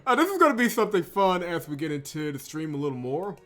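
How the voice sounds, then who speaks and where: A man's voice: fairly high pitch, big pitch swings, quick pace, a bit bright, faint music behind. Chuckling man reading a game aloud. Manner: chuckles often, breaks off into playful commentary; stumbles and self-corrects on words. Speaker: streamer reading a visual novel aloud. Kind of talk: dramatic read-through with casual asides.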